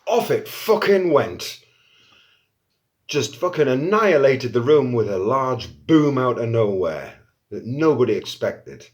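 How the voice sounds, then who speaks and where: A man telling a casual anecdote in an animated way, swearing often and acting out quotes. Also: mid-range voice, a little slow. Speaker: storyteller.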